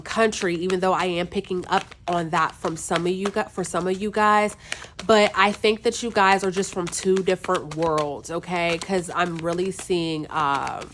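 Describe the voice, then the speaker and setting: East coast woman reading tarot cards for her viewers, chatty and loose, kinda low voice. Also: fairly bright tone, slight background noise. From US East Coast, north. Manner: chatty, loose, lots of fillers. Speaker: tarot reader.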